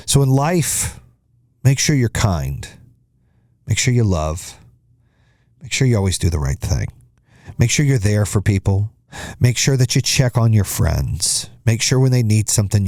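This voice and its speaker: A middle-aged man delivers a motivational podcast monologue in a blunt, punchy style, swearing freely. His voice sits fairly low with a warm, mellow tone. The sound is dry and close, with no room echo. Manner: blunt, profane, punchy advice. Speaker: podcast host.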